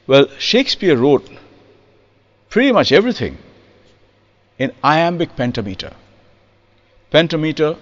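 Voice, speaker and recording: A man giving a spoken music lesson on rhythm, lively and demonstrative, acting out examples and reciting verse in a studio. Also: medium pitch, in a large hall, muffled recording. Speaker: percussionist explaining rhythm.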